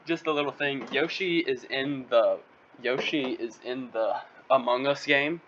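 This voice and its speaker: A man's voice: medium pitch, a little slow, a bit bright. A man co-hosting a casual podcast, giggly and loose, hesitating with fillers. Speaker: podcast co-host. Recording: muffled lo-fi audio with faint hiss.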